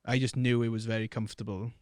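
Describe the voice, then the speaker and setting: A man's voice: mid-range voice, level tone, quick pace, darkish tone, no echo, studio quality. Rambling, sweary Welsh man. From Wales. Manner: sweary, rambling, trails off and restarts. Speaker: podcast guest. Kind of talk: casual chat.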